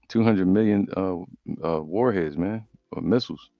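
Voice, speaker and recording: A man preaching, reading Bible verses slowly and breaking off into casual commentary. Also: low-pitched, mellow, no room sound. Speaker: preacher teaching scripture. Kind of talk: scripture study sermon. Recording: dull lo-fi audio.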